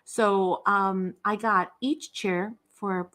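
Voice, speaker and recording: A woman's voice: mid-range voice, steady tone, very slow, a bit bright. A middle-aged woman hosting a craft livestream, chatting casually and acting out the voices in her stories with folksy, self-deprecating asides. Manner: chatty storyteller acting out quoted dialogue. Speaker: craft channel host.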